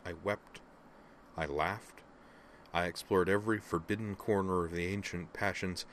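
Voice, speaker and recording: A man voicing a female Vulcan officer in an audiobook reading, her voice low, monotone and almost mechanical, measured and controlled. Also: a little hiss or hum. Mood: quiet. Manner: measured, rising into savage anger.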